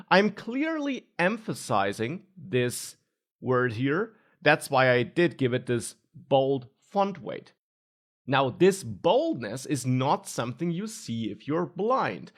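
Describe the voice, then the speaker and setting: A man teaching a screen-recorded web coding tutorial, explaining step by step with stressed key words. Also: mid-range voice. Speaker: coding instructor.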